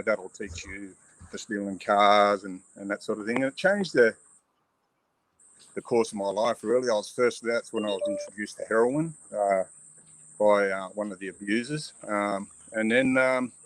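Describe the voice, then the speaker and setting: A middle-aged Australian man from western Sydney giving frank, halting personal testimony as a guest on a video call. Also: lowish voice, poor audio. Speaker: guest, abuse survivor advocate. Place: outdoor shed on a hill.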